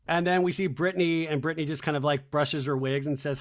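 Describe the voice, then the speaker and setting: A man hosting a comedy podcast, recapping a reality show in a casual, animated way and mimicking the cast in quick put-on voices. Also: fairly high pitch.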